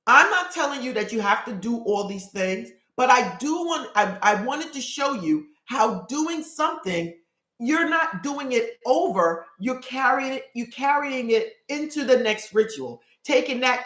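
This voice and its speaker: A woman coaching her live stream viewers through a spiritual ritual, earnest and quick, repeating phrases as she goes. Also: on the high side, fairly bright tone. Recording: roomy echo.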